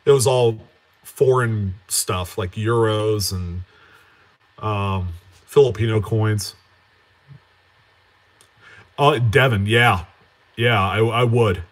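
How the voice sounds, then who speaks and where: A man's voice: on the low side, slow pace, pauses often. Chatty male coin channel host. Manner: chatty, reads out and answers viewer names; relaxed, with frequent fillers and self-corrections. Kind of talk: casual live-stream chat.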